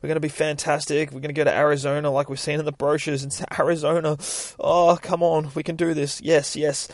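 Man doing desperate junkie woman, jittery, high-pitched, pleading. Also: level tone, moderate pace, a little mellow, no room sound, clean studio sound, close to an everyday voice. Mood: hopeful.

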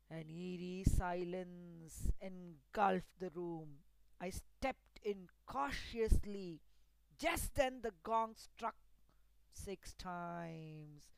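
A woman narrating a spooky first-person story in a deliberate, dramatic storytelling manner. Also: mid-range voice, gravelly, clean tone, no echo, poor audio.

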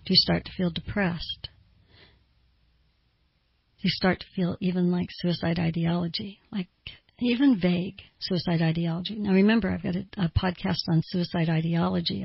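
A middle-aged woman therapist hosting a podcast, calmly explaining and slowing down when she lists feelings. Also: fairly low pitch, vocal fry, breathy edge, no room sound, lo-fi sound. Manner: calm, explanatory, slows down to list feelings. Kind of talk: podcast teaching talk.

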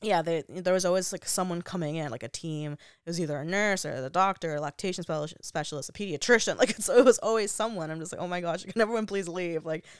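A woman's voice: on the low side, quick pace, few pauses, clean tone, no echo, clean studio sound. A young woman vlogger telling a personal story in a casual, chatty way, full of "like" fillers and frequent laughs. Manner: laughs often while talking.

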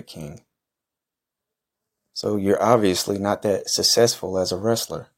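Deep-voiced brash trash-talking man. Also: fairly even intonation, unhurried, long pauses. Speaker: podcast host in a comic wrestler persona. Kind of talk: comedic trash-talk monologue.

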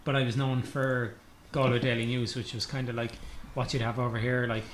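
A man guesting on a casual interview, rattling off jokes at a brisk clip. His pitch is ordinary. A clear murmur of people chatting runs behind him. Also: level tone, a crowd in the background. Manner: joking, quick banter.

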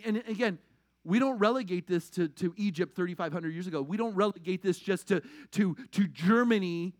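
A male pastor preaching a conversational sermon, animated, swinging between loud emphasis and quiet asides. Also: sits high, no echo, studio quality.

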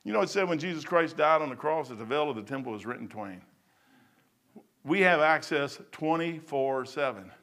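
A man preaching a sermon in a folksy, rambling way, swinging between loud bursts and quiet asides. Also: fairly high pitch, expressive, normal speed. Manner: folksy and rambling, with stumbles and chuckles.

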